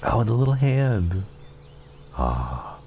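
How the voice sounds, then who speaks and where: A man's voice: lowish voice, sing-song, slow pace, a little hiss or hum. A male streamer chatting casually, tender and giggly, easily moved. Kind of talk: casual live-stream chat. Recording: background music under the voice. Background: soft background music.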